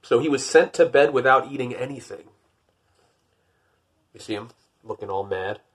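A man reading a picture book aloud, lifting his voice for the narration and dropping to wry, deadpan jokes in between. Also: normal speed. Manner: wry, deadpan joking asides; rises for narration, drops low for asides. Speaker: podcast host.

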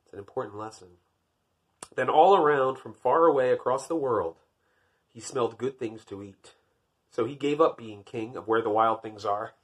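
A man's voice: medium pitch, normal speed, husky. A man reading a picture book aloud, breaking off for dry, wry, self-deprecating jokes between the pages. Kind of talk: storybook reading with joking asides.

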